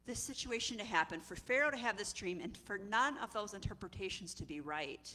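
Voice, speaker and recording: A woman preacher giving a sermon, retelling a story in a lively, conversational way and acting out its characters. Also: mid-range voice, a little fast, hardly any pauses. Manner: animated, conversational storytelling with acted voices. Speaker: executive director and preacher.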